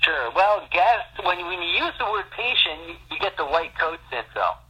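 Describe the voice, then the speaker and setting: Guy on a phone call, bright kinda husky voice, keeps repeating words as he talks. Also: high-pitched, big pitch swings, normal speed. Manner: earnest, restarts with repeated words. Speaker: chiropractor and wellness center owner. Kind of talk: interview answers.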